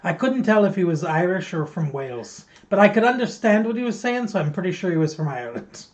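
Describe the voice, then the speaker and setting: A man's voice: sits high, expressive, brisk. A man co-hosting a podcast, reviewing a film in rambling, joking casual chat and teasing his co-host. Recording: muffled lo-fi stream audio.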